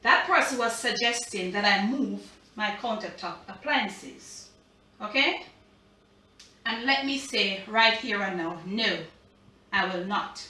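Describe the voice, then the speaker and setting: A woman's voice: on the high side, pushed and bright, recorded from a distance. A middle-aged Jamaican woman hosting a cooking vlog from her home kitchen, chatty and emphatic as she speaks straight to her viewers. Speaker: cooking channel host. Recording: echoey kitchen, away from the mic.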